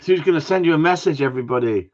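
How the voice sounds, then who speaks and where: A man's voice: fairly high pitch, rapid-fire. Joking man on a lo-fi livestream. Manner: joking, teasing, rambling. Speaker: host of a live gundog Q&A stream. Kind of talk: casual banter with live viewers. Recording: dull lo-fi livestream audio.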